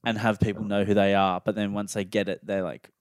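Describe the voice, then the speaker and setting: A man's voice: on the low side, level tone, a little fast, clear, resonant tone, no room sound, clean studio sound. A young Australian man co-hosting a podcast, rambling casually with lots of fillers and restarts. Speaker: podcast co-host. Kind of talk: casual chat.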